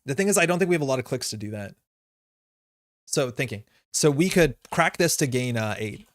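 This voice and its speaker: With lively intonation and a brisk delivery, a card-game streamer reasons through his plays aloud, casual and filler-heavy. His voice is mid-pitched, and the audio is dry and close-miked without echo.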